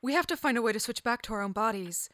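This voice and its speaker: A woman's voice: on the high side, animated, fast, a bit bright, dry recording, clean studio sound. A woman in an audio drama, playing a cautious, worried young woman.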